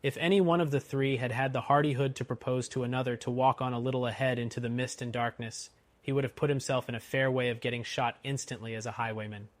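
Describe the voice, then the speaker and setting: A man narrating a classic novel in a steady, expressive audiobook reading. His voice sits at a middle pitch. The recording is dry and close. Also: fast talker, no echo. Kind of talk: scripted narration.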